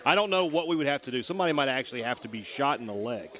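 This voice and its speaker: A male radio co-host reacts to a guest's story in playful studio banter. His voice sits in a middle pitch range but swings widely up and down as he jokes. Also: lively intonation, very fast, pushed and bright.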